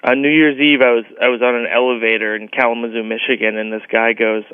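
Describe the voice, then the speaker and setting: A man's voice: mid-range voice, flat delivery, fast, hardly any pauses, smooth, no room sound. A man telling a scripted personal story on radio in a wry, earnest, self-deprecating way, heard over a phone-like line. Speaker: comedian guest. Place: radio studio.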